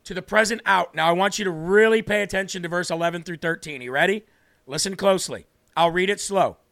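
A man hosting a livestream Bible teaching, reading scripture slowly and speaking earnestly with emphasis. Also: high-pitched, vocal fry, a bit bright. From northern United States. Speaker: host and preacher.

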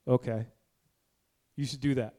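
A man's voice: fairly even intonation, a little slow. Blunt, fiery man preaching. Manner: blunt, swings between low intensity and loud exhortation. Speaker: preacher at a men's meeting. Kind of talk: fiery sermon. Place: indoor room with a gathered group.

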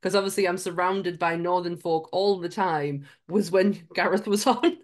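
A woman's voice: lowish voice, normal speed. A woman from Sunderland with a Mackem accent, co-hosting a podcast in casual, laughing chat. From Sunderland, England. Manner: chatty, laughs often, swears casually. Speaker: podcast co-host.

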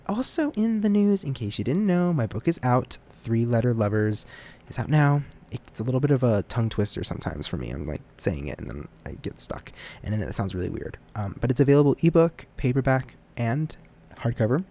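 A man's voice: medium pitch, warm tone. Young male podcast host, loose casual delivery, self-deprecating, trips over his words. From United States. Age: young adult. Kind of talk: casual solo podcast chat.

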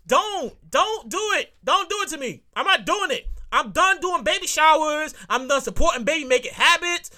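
A woman hosting her own show, ranting comedically in a profane, repetitive, animated way. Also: sits high, normal speed, hardly any pauses. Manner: animated, profane, repeats lines for emphasis. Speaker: podcast host. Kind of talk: solo comedic rant.

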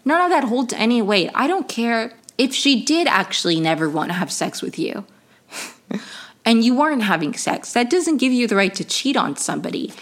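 A woman's voice: on the high side, normal speed. Exasperated young woman ranting casually. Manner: exasperated, animated, swears, many fillers. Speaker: podcast host. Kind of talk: casual commentary rant.

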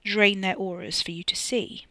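A narrator voicing a gruff, laid-back young man in an audiobook, speaking low and quiet, often half-whispered. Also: steady tone, moderate pace, no room sound, lightly acted. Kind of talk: audiobook character voice.

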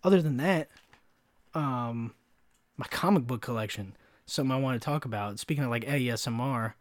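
A young man tells stories on his own podcast in a loose, rambling way, laughing as he goes and acting out the people he quotes. His voice sits at an ordinary middle pitch. The recording is dry and close, with no room sound. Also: moderate pace, dry recording. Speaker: podcast host. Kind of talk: casual solo podcast storytelling.

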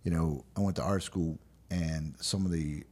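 Husky deep-voiced Southern man. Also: fairly even intonation, normal speed, darkish tone. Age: 40s. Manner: laughs often, rambling storytelling. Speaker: podcast co-host. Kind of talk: casual chat.

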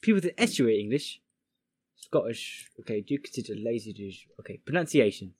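A man casually reading a pronunciation guide aloud to friends, halting and restarting as he goes. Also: medium pitch, lively intonation, darkish tone, husky, dry recording.

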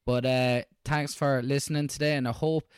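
A man's voice: medium pitch, fairly even intonation, moderate pace, clear, resonant tone, dry recording, clean studio sound. A young Irish man co-hosting a podcast, chatting casually and joking, with plenty of fillers. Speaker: podcast co-host. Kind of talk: casual chat.

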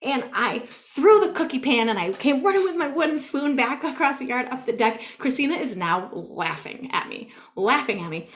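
A woman co-hosting a podcast, telling a story in a casual, animated way, full of "like" and acting out what she said. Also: high-pitched, moderate pace, hardly any pauses. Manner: animated, peppered with "like", acts out her own quotes. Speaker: podcast co-host.

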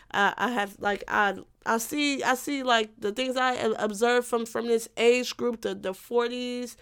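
A woman's voice: medium pitch, fairly bright tone. A woman in her twenties hosting a satirical rant, blunt and profane, scolding her listeners and repeating phrases for emphasis. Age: 20s. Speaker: podcast host.

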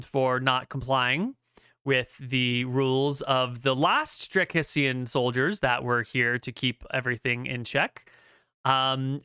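A man voicing a weary new lord of a besieged outpost who talks haltingly and pleads for help, played over an online voice call. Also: a little high, sharp tone, clear, resonant tone, no room sound, clean studio sound, exaggerated voice. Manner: halting, pleading, full of fillers.

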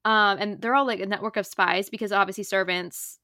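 A young woman co-hosting a podcast, chatting casually and gushing excitedly about books, swearing freely. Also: medium pitch, fairly quick, dry recording, clean studio sound. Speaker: podcast co-host.

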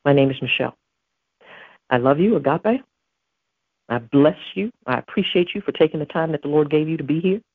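A woman's voice: sits low, animated, a little fast, long pauses, breathy edge, dry recording, narrow, tinny audio. A woman hosting a devotional podcast, preaching earnestly and emphatically and quoting scripture. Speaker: podcast host.

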